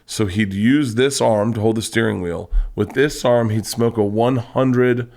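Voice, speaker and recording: In a casual chat, this man, a guest comic with a lowish voice, winds through a profane story, jumping back to restart lines and retelling it with gusto.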